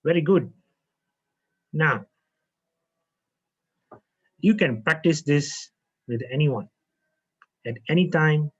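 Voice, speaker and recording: A man with a slightly high voice leads a calm breathing and relaxation lesson, speaking slowly and repeating his phrases. The recording is muffled and lo-fi. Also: breathy edge. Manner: calm, slow, repeats phrases with frequent okays. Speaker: naturopath and yoga teacher. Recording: muffled lo-fi audio.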